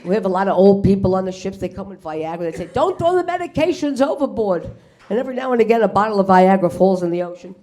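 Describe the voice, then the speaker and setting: A woman's voice: medium pitch, steady tone, rapid-fire, few pauses, mellow. Brash New woman doing stand-up. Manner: brash, swears, acts out characters in punchlines. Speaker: stand-up comedian. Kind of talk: stand-up comedy set. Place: comedy club stage before a live audience.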